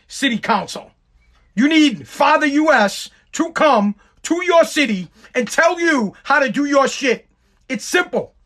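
A man with a strikingly high-pitched voice talks in a loose, rambling rant. He swears freely and mocks with sarcasm. His voice sounds tired and worn from a long workday. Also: a bit bright. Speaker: content creator. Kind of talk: casual ranting monologue.

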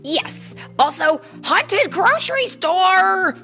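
A woman voicing an excitable, goofy male superhero who exclaims in a lively, rising voice. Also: very high-pitched, slow pace, gravelly, faint music behind, voice pushed up, exaggerated voice. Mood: excited.

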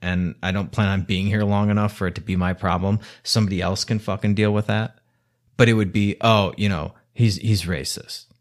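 Man, somewhat low voice, angry rant, profane, exasperated, scolding. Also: little pitch movement, brisk.

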